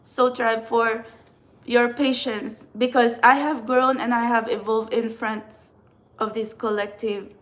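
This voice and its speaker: Earnest Filipina woman, higher voice. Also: fairly even intonation, measured pace, a bit bright. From Philippines. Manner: rambling, earnest, with many restarts. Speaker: tarot reader and spiritual channeler. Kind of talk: casual talk to camera.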